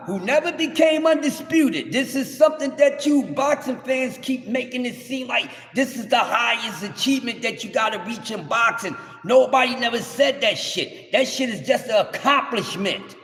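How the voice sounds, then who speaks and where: A man, hosting a livestream and ranting in brash, cursing trash talk that rises to shouts. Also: very high-pitched. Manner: loud, rising to shouts. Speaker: livestream host. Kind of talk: heated livestream rant. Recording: echoey room with long reverb.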